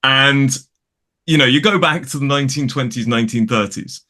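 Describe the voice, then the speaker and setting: A chatty British English man with a bright, forceful voice and a mid-range pitch. He talks as a guest from his home studio, often correcting himself mid-sentence and laughing. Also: lively intonation, brisk. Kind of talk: casual conversation. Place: home studio in a spare room.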